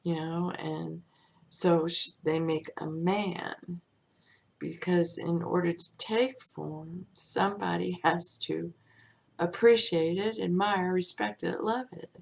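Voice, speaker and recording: A woman giving an unscripted spiritual teaching, musing and drifting into soft whispers and chuckles. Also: on the low side, fairly even intonation, takes it slowly, gravelly.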